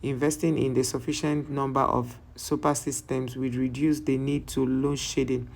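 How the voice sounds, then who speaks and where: This is a reaction channel host going through viewer comments one by one. The reading is halting, with words restarted mid-sentence. Between comments the host slips into loose, conversational asides. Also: medium pitch, little pitch movement, gravelly.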